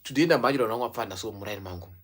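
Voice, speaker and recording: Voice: medium pitch, rapid-fire, breathy edge. A young adult Zimbabwean YouTuber whose first language is Shona, talking in a casual vlog and switching between English and Shona mid-sentence. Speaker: YouTuber celebrating a subscriber milestone.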